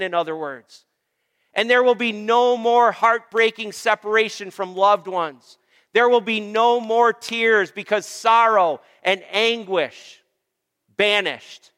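A male pastor preaching a sermon in a church, emphatic, drawing out slow repeated lists and calling for amens. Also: sits high, a bit bright, smooth, in a large hall. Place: church sanctuary.

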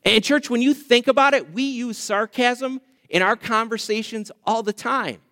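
A man's voice: very high voice, normal speed, bright, forceful tone, long reverb tail. A male pastor preaching a sermon, emphatic and repetitive, speaking straight to his church. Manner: emphatic, repeats phrases, addresses congregation directly.

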